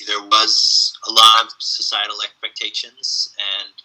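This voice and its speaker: A man who is a guest on a podcast, talking in a relaxed, reflective way and telling animated stories with plenty of fillers. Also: fairly low pitch, measured pace, poor audio. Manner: animated storyteller, frequent fillers. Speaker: podcast guest, spiritual teacher. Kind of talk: casual reflective conversation.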